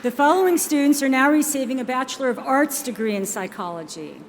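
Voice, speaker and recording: Woman announcer, formal and measured, somewhat high voice, long hall reverb, faint ambience. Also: lively intonation, a little hiss or hum. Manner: measured, formal reading of names. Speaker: ceremony announcer. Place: large ceremony hall.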